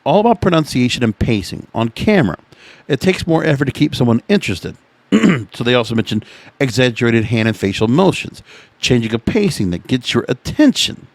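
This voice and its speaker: A male podcast host with a lively, swinging voice, reading passages aloud and then breaking off to argue with them. He talks in a chatty, opinionated way. The sound is dry, with no room on it. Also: medium pitch, fairly quick, no room sound. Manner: opinionated, chatty, reacting to what he reads aloud. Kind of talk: casual podcast commentary reading from an article.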